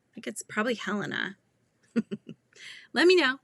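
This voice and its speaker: A woman's voice: medium pitch, animated, a little slow, long pauses, pushed and bright, no room sound. A woman hosting a live crochet chat, thinking aloud and talking through pattern steps with viewers. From California. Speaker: crochet livestream host.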